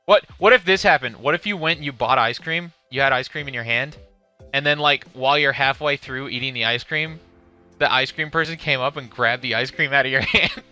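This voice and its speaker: Man, live-stream commentary, swearing, bright tense voice, faint music behind. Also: medium pitch, a little fast. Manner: ranting, profane, reads chat questions aloud. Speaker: streamer reacting to a game showcase.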